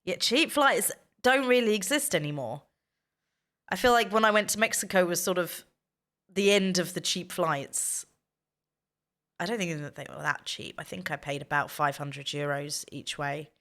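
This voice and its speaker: A woman sits and chats with her stream audience in a relaxed, rambling way. Her voice sits a little low for a woman. She tells stories and answers questions in an easy, conversational tone. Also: normal speed. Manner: chatty storytelling, reading chat aloud. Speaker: streamer chatting with viewers. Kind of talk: casual chat.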